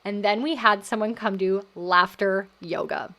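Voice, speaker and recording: A woman hosting a wellness podcast, recapping her experience in an animated, casual storytelling way and acting out the voices she quotes. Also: medium pitch, measured pace.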